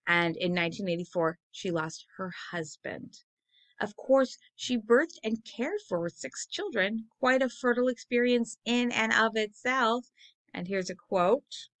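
A woman's voice: fairly high pitch, measured pace, a bit bright. A woman teaching a college literature class in a recorded video lecture, chatty and self-correcting, asking her students questions and tapping out rhythms with her voice. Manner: taps out rhythms by voice.

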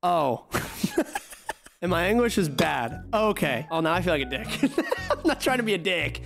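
Tipsy swearing male streamer, lively pitch. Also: vocal fry. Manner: swearing, joking, quick to laugh. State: getting tipsy from drinking. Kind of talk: casual livestream chat, reading ban appeals aloud. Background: music playing.

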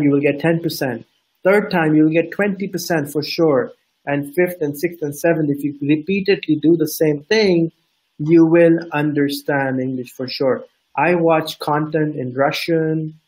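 A man's voice: a little high, a little mellow, poor audio. A man with a Pakistani accent, co-hosting a live show and giving earnest, direct advice in a casual, repetitive way. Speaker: co-host.

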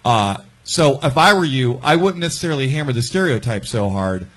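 A man on a live comedy panel with an ordinary mid-pitched voice. He delivers blunt, provocative roasts with dry confidence. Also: lively intonation, brisk, fairly bright tone, husky.

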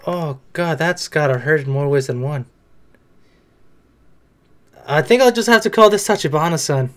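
A man's voice: fairly high pitch, normal speed. A young man talking back at the screen in casual reaction commentary, chatty and swearing now and then. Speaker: reaction video host.

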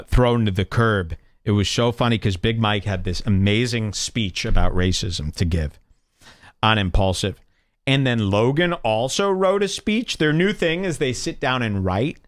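A man's voice: fairly low pitch, lively intonation, a little slow. A man hosting a podcast, delivering a rambling, mock-serious comedic monologue with sarcastic, theatrical swings in his voice. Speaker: podcast host.

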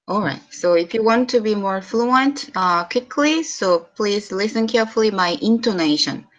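Korean-accented woman, Korean teacher in a casual lesson, repeats words clearly for the student, mid pitch, slightly muffled audio. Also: lively intonation. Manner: mixes English and Korean, models slow clear pronunciation.

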